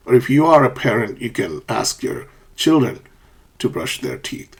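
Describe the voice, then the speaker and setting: A man teaches English pronunciation in a slightly husky, mid-pitched voice. He reads the example phrases aloud with deliberately exaggerated rises and falls in pitch. Between examples he keeps checking in with the viewer, asking "okay?". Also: animated. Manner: models example sentences with exaggerated rising and falling pitch. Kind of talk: online pronunciation lesson.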